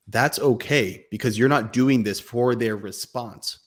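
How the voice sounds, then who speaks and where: A man in his thirties talks in a relaxed way, animated and reflective, laughing easily as he thinks aloud. His voice sits at a medium pitch, a little lower than average. The delivery is loose and conversational. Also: a little slow. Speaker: podcast co-host. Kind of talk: casual chat.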